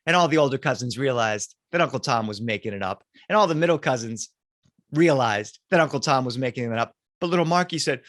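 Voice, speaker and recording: A man telling a spooky story for children, animated, swinging between loud cries and hushed lines. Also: medium pitch, brisk, no echo, clean studio sound.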